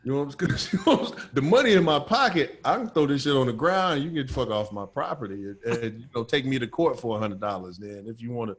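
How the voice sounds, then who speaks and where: A man co-hosting a podcast, spinning a casual story in a mid-pitched voice. He talks loose and profane, peppering the tale with slangy asides and punchy emphasis. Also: animated, brisk, few pauses, a little hiss or hum. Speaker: podcast co-host.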